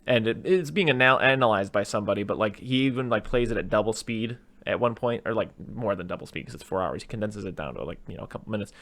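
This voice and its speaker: Rambling, lower-voiced male podcast host. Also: quick pace, few pauses. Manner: rambling, animated retelling with put-on quotes. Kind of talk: casual movie podcast chat.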